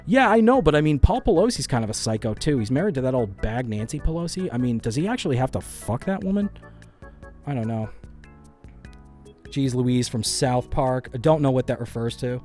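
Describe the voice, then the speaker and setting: In a home studio with lights, a man at a studio mic hosts a laid-back live stream, his mid-range, slightly mellow voice expressive and fairly quick, with faint music behind. He reads out chat, rambles, swears plenty, and makes fun of himself.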